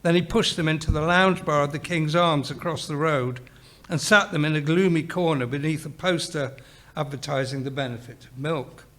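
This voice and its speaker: Male author reading his short story aloud, measured and even, a bit high-pitched for a man. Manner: steady, measured narration.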